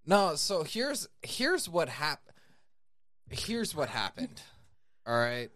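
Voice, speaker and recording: A man's voice: a little high, very animated, slow pace, fairly bright tone, dry recording, clean studio sound. A man co-hosting a podcast, tipsy and rambling in casual joking banter. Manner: rambling, jokey, drunken. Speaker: podcast co-host.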